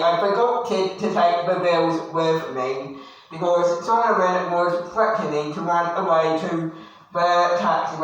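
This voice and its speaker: A man with a high, slightly bright voice animatedly tells a rambling story about himself in the third person while someone else films him on a camera. The room is very echoey and the mic sits far away.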